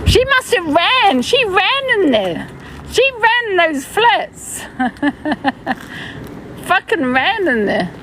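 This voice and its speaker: A woman with a high voice that swings widely and words that come out slow and drawn. She sounds heated, mocking and quick to swear. She is recorded on a phone on a city street, with loud street noise behind her. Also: sing-song. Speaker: live streamer. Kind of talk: confrontational street live stream.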